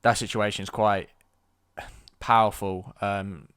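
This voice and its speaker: A man's voice: fairly low pitch, level tone, takes it slowly, fairly bright tone, clear, resonant tone. A young man telling a story to camera, blunt and exasperated, swearing freely. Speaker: vlogger. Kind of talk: storytime vlog.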